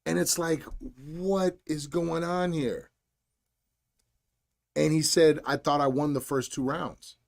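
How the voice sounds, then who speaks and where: A man hosting a solo podcast, telling a coaching story in a blunt, animated, slangy way. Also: a little high, slow, vocal fry. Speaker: podcast host and fight coach.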